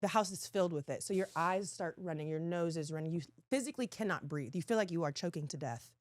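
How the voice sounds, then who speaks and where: A woman guest in a casual chat, telling animated stories and laughing often. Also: fairly low pitch, fast, dry recording.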